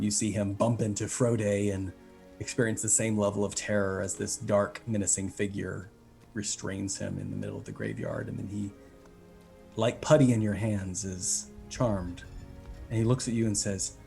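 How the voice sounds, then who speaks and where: A man's voice: lowish voice, normal speed, vocal fry, a little mellow. A man running a tabletop game as game master, narrating scenes in a casual, descriptive way, with faint music behind.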